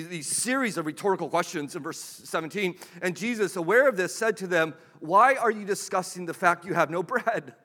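Male pastor, high bright voice, chatty preaching full of rhetorical questions, lingering hall reverb. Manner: conversational preaching, rhetorical questions, frequent "right?" asides. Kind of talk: sermon.

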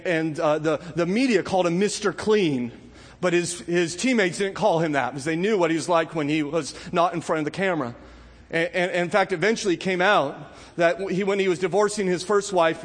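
In a large hall, a middle-aged pastor preaches earnestly, letting his voice sink low and slow before climbing high and impassioned.

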